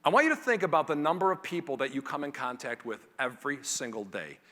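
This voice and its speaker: A man delivers a motivational keynote to a conference crowd. His high voice swings widely and sounds bright and forceful. It rings through a large hall with a long reverb tail. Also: fast talker. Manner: animated, acts out family scenes in character voices. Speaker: keynote speaker.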